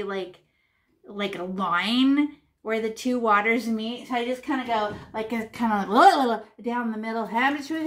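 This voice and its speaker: Chatty and animated, a woman with a fairly high voice leads a children's painting lesson as their art teacher, narrating each brushstroke with sound effects and sing-song noises.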